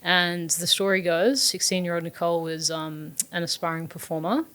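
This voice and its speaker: A woman's voice: lowish voice, little pitch movement, moderate pace, a bit bright. A young adult woman, a startup founder, earnestly telling a personal story in an interview, with many fillers and restarts.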